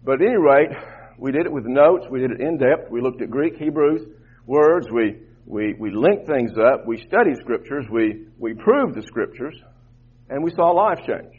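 A man's voice: mid-range voice, animated, normal speed, husky. A man preaching a sermon to his congregation as their pastor, fervent and repeating words as he builds his points. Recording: tinny phone-like line, muffled.

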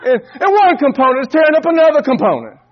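A man's voice: very high-pitched, big pitch swings, quick pace, dull audio. A man preaching a sermon, telling a folksy story and often repeating and restarting words.

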